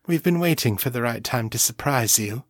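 A man's voice: medium pitch, expressive, moderate pace, no room sound, clean studio sound, close to an everyday voice. A man voicing a teasing, shapeshifted woman who speaks in a posh upper-class drawl.

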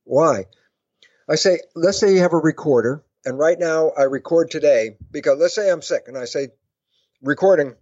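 A man with a somewhat high voice explains his ideas in an interview. He talks in a lively way and acts out both sides of little imagined exchanges. The sound is dry and a little dull. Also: moderate pace, no room sound. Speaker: guest speaker. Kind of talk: animated explanatory interview talk.

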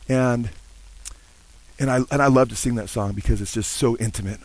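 Speaking in a steady, mid-range voice at a moderate pace, this older pastor leaves long pauses as he preaches. The sermon is earnest and warm-hearted, with frequent amens and hymn lines sung between stretches of teaching. The recording quality is low.

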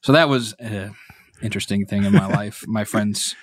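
A man from Indiana, a priest, telling a story in casual conversation in an animated, self-mocking way, laughing often. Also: fairly low pitch, moderate pace, no echo, clean studio sound. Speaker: priest, interview guest.

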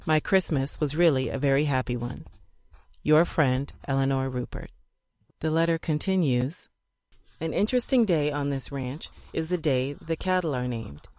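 Measured reader of old letters. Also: medium pitch, a little mellow, no echo. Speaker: audiobook narrator. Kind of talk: reading old letters aloud.

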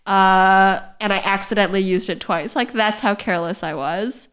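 A woman's voice: mid-range voice, steady tone, normal speed, fairly bright tone, clean tone. Self-mocking young woman on a podcast. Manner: self-mocking, laughs often, many fillers. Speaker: guest comedian and writer. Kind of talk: casual podcast chat, reading old fan fiction aloud.

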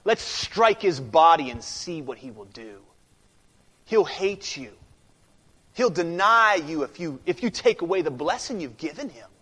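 A man's voice: fairly high pitch, animated, a little slow, pushed and bright, breathy edge, heavily acted. A man voicing Satan as a mocking accuser within a sermon, with a long church reverb. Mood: taunting. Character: accusing Satan taunting God, sly adult male.

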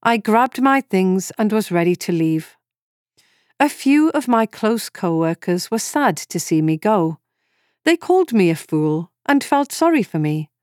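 A woman in her forties reading a first-person story in calm, measured scripted narration. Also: medium pitch, no room sound, clean studio sound. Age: 40s.

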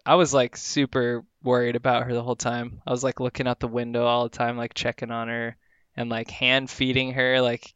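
A man chats casually, telling a rambling anecdote packed with filler words. His voice is smooth and resonant. The recording is dry and close, with no room sound. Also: medium pitch, fairly bright tone, no room sound. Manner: rambling storytelling with frequent "like" fillers. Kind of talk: casual chat.

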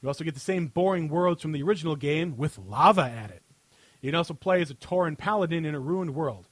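A podcast host with a voice on the high side reads a satirical article aloud, sounding sarcastic and frequently breaking into laughter. His intonation is lively and he talks fast, with no room sound in the recording.

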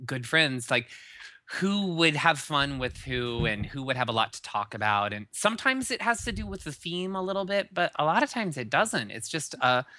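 A man co-hosting a podcast, his voice bright and forward, recorded close and dry with no room sound. He chats in an animated way and keeps restarting his sentences. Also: on the high side, moderate pace, no echo. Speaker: podcast co-host. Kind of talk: casual chat.

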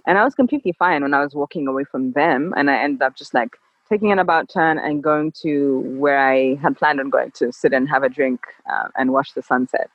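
A woman guest on an interview, talking in a calm, level, measured way. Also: deep voice, dry recording. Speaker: podcast guest. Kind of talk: casual interview chat. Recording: dull lo-fi dry sound.

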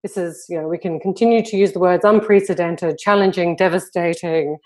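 A woman interviewing a dancer, asking questions in a relaxed conversational way. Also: on the low side, a little fast.

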